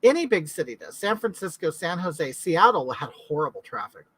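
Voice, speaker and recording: A woman's voice: fairly low pitch, very animated, normal speed, slightly rough, no echo, low-quality recording. A middle-aged woman from California, hosting a casual live chat in a rambling way and answering viewers' comments. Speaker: livestream host.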